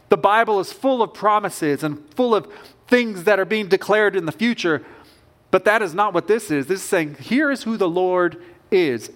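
Man, pastor, sermon, high voice, earnest emphatic preaching. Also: a bit bright.

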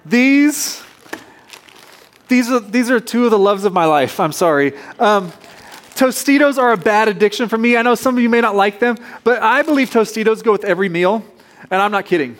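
Guy pastor preaching, fairly high voice, jokey and chatty with the crowd. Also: expressive, moderate pace. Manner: playful, joking asides with the congregation. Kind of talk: sermon.

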